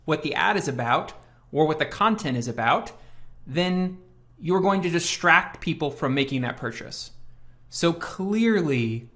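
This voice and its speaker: Bright-voiced man making emphatic points. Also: a little high. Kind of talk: live webinar discussion.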